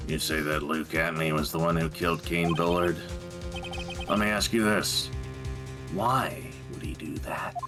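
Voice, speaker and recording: A man voicing a cool, brooding male prosecutor in a drawling, measured, slightly mocking way. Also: low voice, steady tone. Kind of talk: voice-acted game dialogue reading on stream. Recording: music playing behind the voice.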